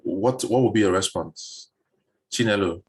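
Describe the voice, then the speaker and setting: Speaking a little slowly in a fairly low, slightly rough voice, a man coaches job seekers on interview questions. The easygoing online session comes through a video call, and he often echoes words while thinking.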